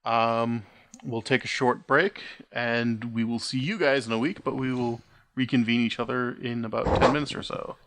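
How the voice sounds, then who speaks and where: A man hosting and running a tabletop game podcast, relaxed as he wraps up the session. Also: medium pitch, moderate pace, slight background noise. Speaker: game master and host. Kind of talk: casual podcast sign-off.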